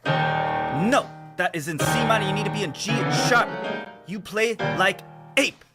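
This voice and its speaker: Man putting on a stern monkey piano tutor, high voice, curt broken scolding, loud plucked guitar behind, heard from afar. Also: animated, a little slow. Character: strict male monkey piano teacher. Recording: loud guitar music from far off.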